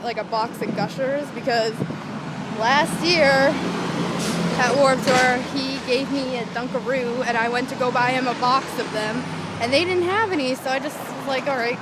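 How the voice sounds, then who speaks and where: A young woman telling a rambling, excitable story in a casual vlog, swearing freely, recorded outdoors near a street. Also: on the high side. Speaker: vlogger. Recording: traffic noise from outdoors.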